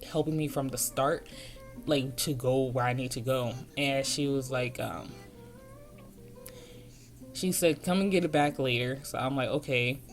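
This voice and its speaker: A young adult art vlogger telling a storytime in a casual, slangy, worked-up way. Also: mid-range voice. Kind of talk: storytime over a speedpaint.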